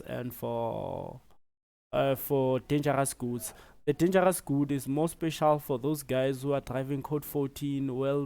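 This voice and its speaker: Gravelly South African man explaining steps. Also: mid-range voice. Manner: relaxed step-by-step explaining with fillers. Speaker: tutorial presenter. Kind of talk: screen-recorded tutorial.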